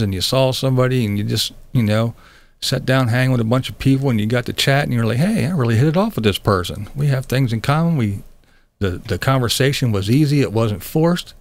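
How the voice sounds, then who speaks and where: A middle-aged man from Pennsylvania hosts a live stream, chatting casually with viewers in a blunt, sarcastic manner and swearing and laughing a lot. His voice is medium-pitched and gravelly, and he talks a little fast.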